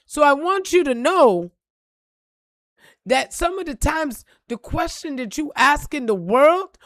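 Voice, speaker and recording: A woman's voice: high-pitched, lively intonation, slow, fairly bright tone, no echo, clean studio sound. A woman vlogger telling a story in a blunt, profane, preachy rant. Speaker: spiritual reader and vlogger.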